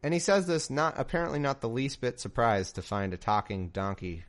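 A man's voice: mid-range voice, brisk. A young man reading scripture aloud and breaking off into sarcastic, incredulous, rambling commentary.

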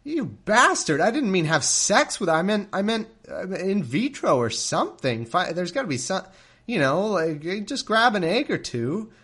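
A shrill, indignant ancient wife blurts and sputters at her husband, as a man puts her on. The voice is pushed high and loud, flustered and tripping over its own words. It is a comic retelling rather than a polished performance. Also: big pitch swings, normal speed, slightly rough, full character voice. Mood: outraged.

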